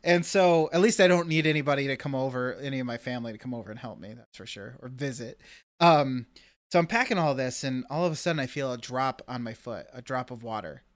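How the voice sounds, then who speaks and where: A man co-hosting a podcast, telling an animated story in casual chat and acting out his own reactions. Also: mid-range voice, fast, no echo, clean studio sound. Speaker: podcast co-host.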